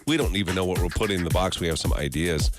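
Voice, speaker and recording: A man's voice: sits low, rapid-fire, music in the background. A man hosting a morning radio show, telling stories and joking in casual banter. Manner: storytelling, animated and joking. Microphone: studio microphone.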